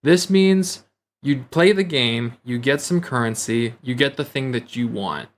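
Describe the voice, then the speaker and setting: A man calmly explaining his view on game design in a casual discussion. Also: mid-range voice, unhurried. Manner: calm, reasoned explanations.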